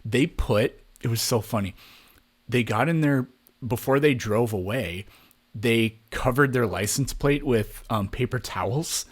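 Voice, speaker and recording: A man's voice: medium pitch, a little slow. A man on a podcast telling a long story in casual chat, rambling and swearing freely, jumping into raised voices to act out other people. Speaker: podcast co-host.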